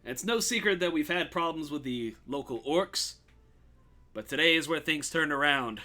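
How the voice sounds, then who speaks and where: A man putting on a flamboyant small-town mayor for a tabletop game, a voice pitched up high and bright as it booms out to a cheering crowd. He grandstands every line, working the audience in a loud, showy way. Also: lively intonation, moderate pace. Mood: persuasive. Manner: booming, grandstanding crowd-rousing speech. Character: showy, dramatic middle-aged male human mayor.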